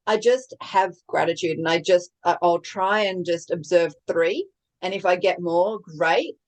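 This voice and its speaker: A young adult woman co-hosting a podcast, sharing thoughts in a calm, reflective, measured way. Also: lowish voice, rough recording. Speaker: podcast co-host. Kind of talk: casual chat, reflective sharing.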